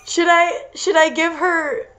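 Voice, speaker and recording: A woman's voice: very high voice, steady tone, slow, a bit bright. A young woman doing a comedic reading of a story, breaking off into giggly asides. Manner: giggly, interrupts herself with asides. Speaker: reader and co-host. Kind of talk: comedic dramatic reading with commentary.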